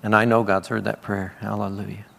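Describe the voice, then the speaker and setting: In a church meeting hall with long reverb and faint ambience, a man preaches and gives prophetic words in an informal charismatic style, chatting casually with laughing asides and repeated praise. His voice is fairly low, level, fairly quick, creaky and a bit bright.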